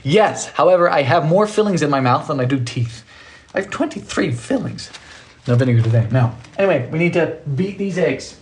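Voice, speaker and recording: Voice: fairly quick, a little hiss or hum. A young adult baking on a live stream, chatting casually and reading out messages from viewers. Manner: chatty, reads out and answers chat messages; animated, sudden high exclamations. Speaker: livestreamer.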